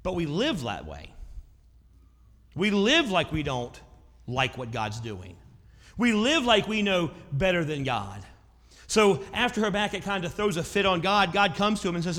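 A man preaching a sermon as pastor, growing loud and intense when he voices prayers. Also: high-pitched, big pitch swings, a little slow, long reverb tail.

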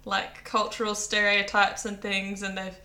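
A woman co-hosting a podcast, chatting casually, giggling and quoting people in animated asides. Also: medium pitch, unhurried. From Britain. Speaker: podcast co-host. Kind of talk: casual chat.

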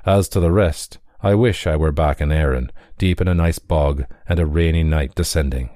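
Guy doing a teasing trickster dog, low mellow voice. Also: moderate pace, no room sound. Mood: wry. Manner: dry, teasing. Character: weary wry male fairy trickster in dog form.

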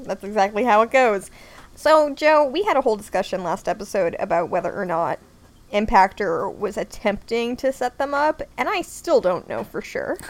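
A woman's voice: mid-range voice, normal speed. Giggly woman trading jokes. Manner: giggly, joking banter. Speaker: podcast co-host. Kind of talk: casual recap chat.

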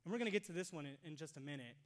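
A pastor preaching a sermon to a congregation, swinging between loud emphasis and hushed near-whispers and asking rhetorical questions. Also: mid-range voice, animated, rapid-fire. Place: church sanctuary with congregation.

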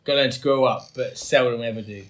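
A man's voice: mid-range voice, fast talker, background noise. A man co-hosting a beer review, joking, laughing often and swearing in casual chat.

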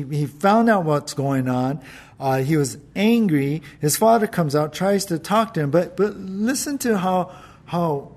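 Man, sermon, slightly high voice, emphatic, conversational. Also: darkish tone. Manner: emphatic, acts out quoted lines with rising pitch; conversational with filler words and restarts. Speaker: preacher. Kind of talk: sermon, reading and explaining scripture.

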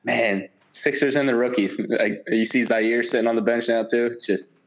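A man co-hosting a casual sports podcast, relaxed and talkative, laughing often between many fillers. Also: mid-range voice, moderate pace. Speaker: podcast co-host. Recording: dull lo-fi sound.

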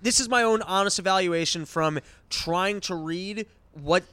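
A man's voice: high voice, measured pace, bright, forceful tone, no room sound. A man hosting a podcast, ranting and swearing in casual chat. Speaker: podcast host.

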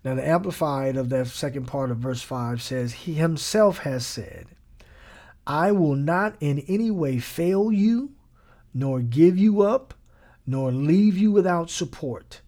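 A preacher gives a casual, emphatic, conversational sermon, repeating lines for effect and mixing in slang. His voice is fairly high and warm, and he speaks slowly.

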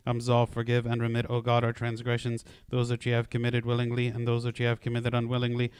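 Man leading prayer, steady even recitation, very flat delivery, crisp close voice. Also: medium pitch, fast, no echo. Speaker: prayer leader.

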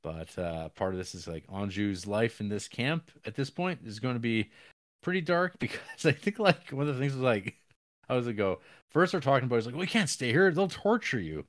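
A man's voice: medium pitch, expressive, brisk, no room sound, clean studio sound. A man co-hosting a podcast, recapping a film in a casual, rambling way full of fillers and wry, profane asides. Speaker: podcast co-host.

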